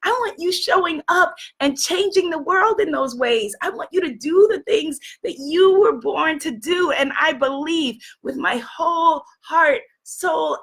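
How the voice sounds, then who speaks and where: A woman with a high, bright voice that is hoarse and strained runs a motivational live stream. She talks with eager energy into a clip-on mic, calling out viewers by name. Her tone stays upbeat and coaching throughout. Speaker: spiritual business coach and live-stream host. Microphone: clip-on microphone.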